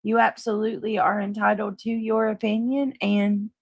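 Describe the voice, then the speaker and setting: A woman's voice: mid-range voice, little pitch movement, moderate pace, vocal fry, husky, dry recording, lo-fi sound. A woman with a Southern accent hosting a live stream, chatting casually with viewers and swearing freely. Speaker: livestream host. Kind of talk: casual live chat reading comments.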